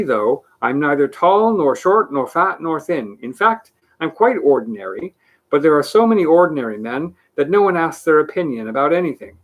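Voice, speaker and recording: A man voicing a cheerful, muddled ordinary man who talks in a bright, sing-song way. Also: on the high side, voice pushed up.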